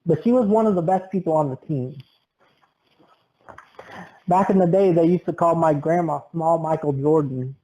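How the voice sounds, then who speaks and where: A man's voice: on the high side, normal speed, pauses often, warm tone, low-quality recording. A young man co-hosting a podcast, telling a story in a playful, teasing way and laughing often. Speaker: podcast co-host. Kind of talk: casual chat.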